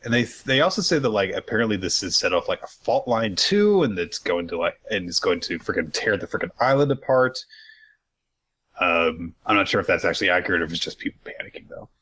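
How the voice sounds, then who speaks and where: A man with a fairly low voice runs through a weekly recap in relaxed podcast chat. He rambles, piles on fillers, and swears for laughs. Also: brisk, husky. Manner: loose and rambling, many fillers, jokey profanity. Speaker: podcast co-host.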